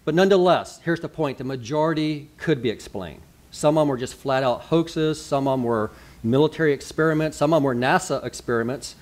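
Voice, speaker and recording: A man's voice: a little high, fairly quick. A man, a pastor giving a sermon in a chatty, conversational way, full of asides and rhetorical questions.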